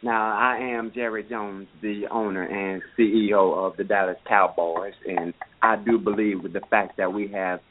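A man's voice: fairly low pitch, steady tone, normal speed, few pauses, close to an everyday voice. A man impersonating a boastful old team owner. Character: older male football team owner, boastful. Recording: phone-like lo-fi line with hiss.

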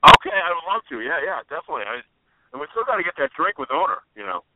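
A man's voice: a little high, sing-song, rapid-fire, very noisy. A man co-hosting a radio chat, playful and spinning silly riffs. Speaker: radio show co-host. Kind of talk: casual comedic chat. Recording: dry, tinny phone-like line.

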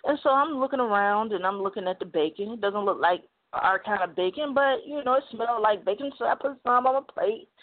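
A woman's voice: mid-range voice, brisk, hardly any pauses. Chatty woman from the Midwest, phone-line sound. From Midwest United States. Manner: chatty, digressive, many "you know" fillers. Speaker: talk radio host. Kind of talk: casual storytelling on call-in talk show. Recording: phone-like narrow band.

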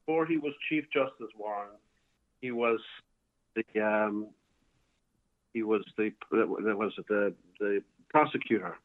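Calling from home over a tinny phone connection, a bar owner shares a long, rambling story as a guest, with many restarts and fillers. His voice is on the low side, measured in pace, with frequent pauses.

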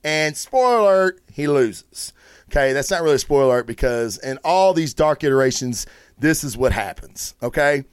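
A man hosting a comic book review show, talking in a casual, rambling, excitable way and swearing freely. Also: mid-range voice, moderate pace, smooth, dry recording, studio quality. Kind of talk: casual solo review talk.

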